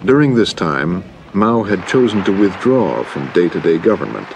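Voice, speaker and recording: Deep gravelly male documentary narrator. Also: big pitch swings, slight background noise. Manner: measured, grave delivery.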